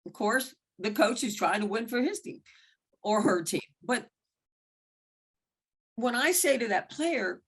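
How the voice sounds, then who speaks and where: A woman's voice: measured pace, pauses often, breathy edge. A woman basketball referee telling frank stories in a mentoring talk, acting out the exchanges she recalls. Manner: animated, acts out quoted exchanges with big pitch jumps; blunt and frank, with occasional mild swearing. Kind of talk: candid storytelling in a mentoring talk.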